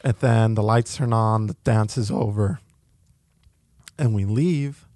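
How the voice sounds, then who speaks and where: A man's voice: lowish voice, slow, no room sound. A man hosting a comedy podcast, telling a story with lots of swearing and emotion. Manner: profane, animated, emotional storyteller. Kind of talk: casual storytelling chat.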